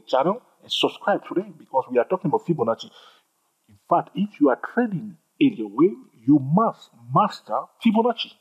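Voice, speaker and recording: Animated husky man teaching chart patterns. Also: a little high, highs cut off. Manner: animated, repeats himself, jokes with viewers. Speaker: trading instructor. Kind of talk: screen-recorded chart tutorial.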